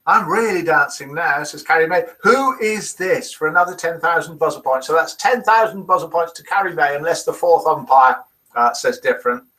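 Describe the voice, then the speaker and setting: A man's voice: a little high, normal speed, sharp tone, poor audio. An older man hosts a live webcast quiz and reads out viewers' comments in a chatty way. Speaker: host of a live daily quiz and chat show. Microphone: desk microphone.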